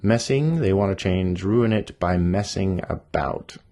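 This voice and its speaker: A man's voice: low voice, unhurried, mellow. A man casually talking through edits of his own children's story, thinking aloud with self-deprecating asides. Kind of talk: casual monologue while editing a story aloud.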